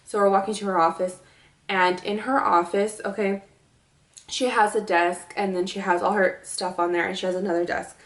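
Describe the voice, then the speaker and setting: A woman's voice: mid-range voice, fairly even intonation, normal speed, a bit bright, reverberant. A woman vlogger telling a story in a casual, rambling way, full of fillers.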